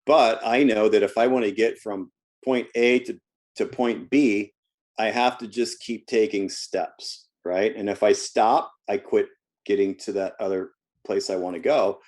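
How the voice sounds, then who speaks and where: Low-voiced man telling coaching stories. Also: steady tone, unhurried, darkish tone. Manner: storytelling, repeats words when restarting. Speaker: health coach guest. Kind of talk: casual interview talk.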